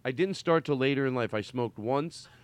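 A man's voice: medium pitch, moderate pace, clean tone. A middle-aged man hosting a casual comedy chat, rambling through stories and laughing often. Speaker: podcast host.

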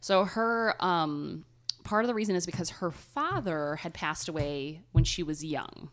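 A woman's voice: fairly low pitch, animated, measured pace, a bit bright. A woman with a Cleveland accent, co-hosting a podcast and telling a story in casual chat, chatty and nasal, swearing now and then. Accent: Cleveland, Ohio. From Ohio, USA. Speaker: podcast co-host.

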